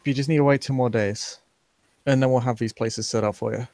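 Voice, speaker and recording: A man's voice: mid-range voice, fairly even intonation, brisk, a little mellow, dry recording, natural voice. A man voicing a guarded male leader who talks bluntly and warily in a tabletop game. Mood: weary. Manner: blunt, wary, curt. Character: guarded male leader of displaced folk, stern.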